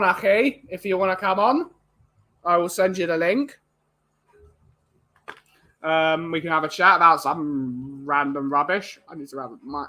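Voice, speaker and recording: Chatty English man, bright voice. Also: high voice. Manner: chatty, rambling, greets chatters by name. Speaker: podcast host reading live chat. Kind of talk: casual live-stream chat.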